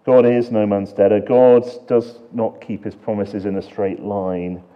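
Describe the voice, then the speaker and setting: A man preaching a sermon, earnest and full of rhetorical questions, swinging between emphatic lines and hushed ones. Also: fairly low pitch, flat delivery, unhurried, highs cut off.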